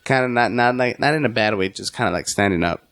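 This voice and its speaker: Podcast guest: man, animated storyteller, swears a lot, does the voices of people in his stories. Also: mid-range voice, fast talker, no echo, clean studio sound. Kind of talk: casual storytelling.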